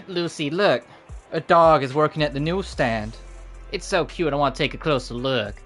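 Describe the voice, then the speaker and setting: A man streaming a game with casual commentary, swearing freely and reacting in quick asides. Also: fairly high pitch, fairly bright tone, soft background music.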